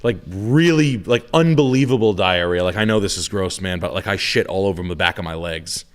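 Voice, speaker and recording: A man telling crude stories on a casual podcast, rambling and profane, who keeps jumping into loud, high-pitched impressions. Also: fairly quick. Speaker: podcast co-host; former car salesman.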